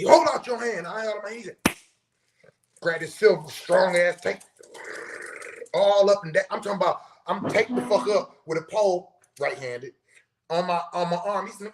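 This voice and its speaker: A middle-aged man in casual, profane storytelling on a podcast, animated and acting out what people said. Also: sits high, a little hiss or hum. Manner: profane, animated storyteller who acts out quotes. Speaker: podcast host.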